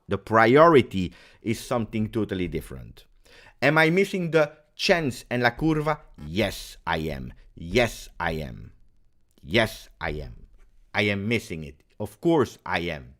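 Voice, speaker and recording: A man's voice: on the low side, fairly bright tone. A man with as his hosting a casual pregame football talk, emphatic and angry, repeating phrases for stress. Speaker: football channel host.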